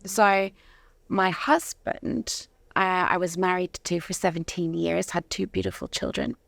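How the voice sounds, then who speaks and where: A woman from Zimbabwe with a mixed Southern African and British accent, chatting as an interview guest, laughing often and pausing with ums. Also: lowish voice, vocal fry, fairly bright tone, no room sound. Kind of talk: casual interview chat.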